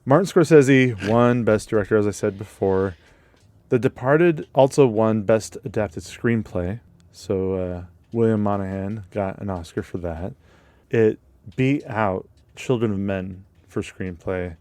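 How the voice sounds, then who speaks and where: Guy on a movie podcast, lowish voice, laid back, lists award stuff with lots of uhs, dry close mic. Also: a little slow, no echo. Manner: relaxed, runs through award facts with fillers. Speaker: podcast co-host. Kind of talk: casual movie podcast chat.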